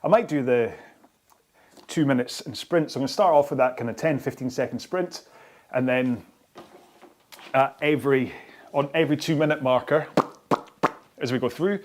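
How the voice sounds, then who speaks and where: A man's voice: mid-range voice, brisk, pauses often. Breathless man coaching while rowing. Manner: breathy and panting between sprints, chatty. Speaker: rowing workout host. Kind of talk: live follow-along workout chat. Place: home rowing studio. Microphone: throat-worn microphone.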